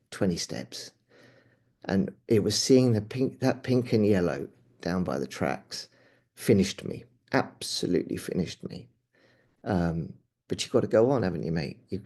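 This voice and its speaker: A middle-aged man, a paramedic, recounting a personal experience in an interview, halting and earnest with frequent restarts, often dropping quiet. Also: low-pitched, slightly rough. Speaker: paramedic guest.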